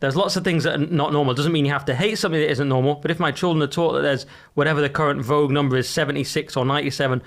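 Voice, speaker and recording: Male podcast co-host, wry and sardonic, slightly higher-pitched voice. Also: steady tone. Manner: quick, joking and sardonic. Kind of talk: casual chat.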